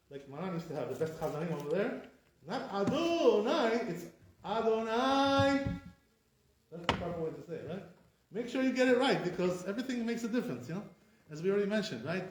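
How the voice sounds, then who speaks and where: Here a rabbi with a high, slightly mellow voice runs a casual class for a live audience, demonstrating right and wrong pronunciations and saying "right?" a lot. There's slight background noise, and the recording is distant in an echoey room.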